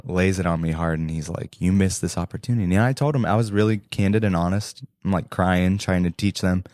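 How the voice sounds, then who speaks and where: A man's voice: deep voice, fairly quick, a little mellow, dry recording, clean studio sound. A young man co-hosting a podcast, telling an earnest faith story with lots of quoted dialogue. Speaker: podcast co-host. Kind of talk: storytelling testimony.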